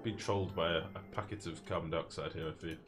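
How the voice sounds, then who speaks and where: A low-voiced man talks fast with fairly even intonation while casually commentating a live game stream. He's chatty, profane and pokes fun at himself, with music playing in the background.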